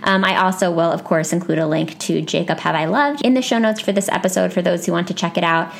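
A woman's voice: on the low side, quick pace, gravelly. A woman hosting a book podcast, chatting with enthusiasm about books and reading. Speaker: podcast host. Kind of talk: casual book chat.

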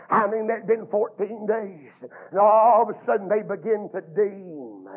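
High raspy baptist preacher guy, fervent sermon that climbs to shouts, tinny phone-like sound. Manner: fervent preaching cadence with many drawn-out "uh"s, rising to shouts.

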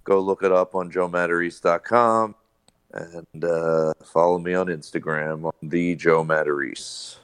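Deep-voiced New podcast guest. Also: male voice, steady tone, a little slow, clean tone. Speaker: guest comedian. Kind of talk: casual podcast chat.

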